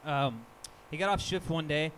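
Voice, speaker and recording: A man's voice: fairly high pitch, moderate pace, a bit bright, a little hiss or hum. A man co-hosting a live podcast show, telling a crude, self-mocking story in a rambling way at a live venue.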